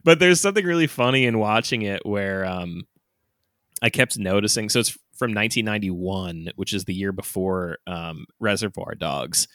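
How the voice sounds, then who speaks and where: Man, podcast co-host, casual chat, bright tone, dry close sound. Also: fairly low pitch, normal speed, no echo. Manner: laughs often, loose and animated, lots of fillers.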